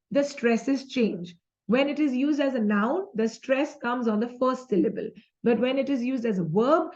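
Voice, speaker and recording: A young woman with an Indian English accent takes learners through exam questions one by one. Her voice sits a little high, and she slips into Hindi for her explanations. The audio is dull and lo-fi. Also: darkish tone. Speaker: exam tutor. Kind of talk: lively quiz lesson.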